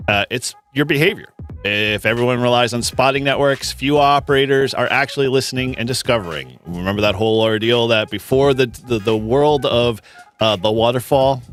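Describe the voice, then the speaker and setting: A man's voice: mid-range voice, fairly bright tone. Chatty, laughing Boston-area man host. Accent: Boston-area American. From Massachusetts, USA. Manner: laughs often, chatty with restarts. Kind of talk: casual live-stream quiz chat.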